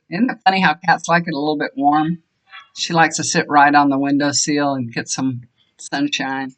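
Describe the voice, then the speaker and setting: A woman's voice: sits low, a bit bright. Brief: older woman vlogger, rambling chatty storyteller, homey tone. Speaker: tarot reader and energy healer. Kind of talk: casual chat to viewers. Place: home room, fan switched off.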